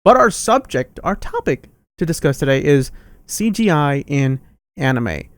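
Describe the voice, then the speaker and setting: A man's voice: on the high side, big pitch swings, unhurried, dry recording. A young man in his twenties hosting a casual podcast chat, upbeat and chatty. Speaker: podcast host.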